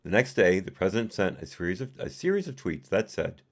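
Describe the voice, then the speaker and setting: A man with a low voice does a brisk, very animated live reading of a report, commenting as he goes. He reads the punctuation out loud and throws in his own personal asides.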